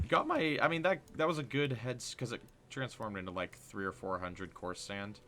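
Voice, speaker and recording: A man hosting a livestream, chatting casually and excitably over a game, with slangy talk that gets loud when he is hyped. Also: lowish voice, moderate pace. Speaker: livestream host. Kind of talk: casual gameplay chat.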